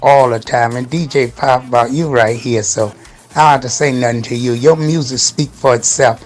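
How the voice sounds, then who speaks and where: A man hosting a casual radio show, giving shout-outs in an upbeat, loose and slangy way. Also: mid-range voice, fairly even intonation, moderate pace. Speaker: radio host.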